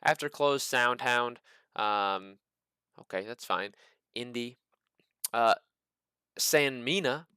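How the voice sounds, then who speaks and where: A man's voice: medium pitch, slow, long pauses, bright, forceful tone, smooth, no room sound, studio quality. A man hosting a casual stock market video, full of joking, incredulous asides. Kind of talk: casual commentary.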